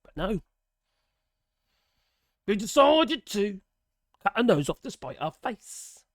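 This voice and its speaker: A British man with a raspy voice giving casual, sarcastic commentary, exasperated and swearing freely. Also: high voice, very animated, slow pace, no echo, clean studio sound. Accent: British English. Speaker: political commentator.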